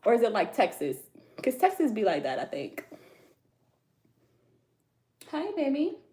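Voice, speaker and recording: A woman's voice: medium pitch, big pitch swings, a little fast, darkish tone. An American woman hosting a casual tarot livestream from home, chatting with viewers in loose slangy talk and laughing often. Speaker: tarot reader livestream host.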